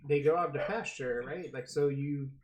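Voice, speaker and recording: Man telling relaxed stories in group chat. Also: on the high side, normal speed.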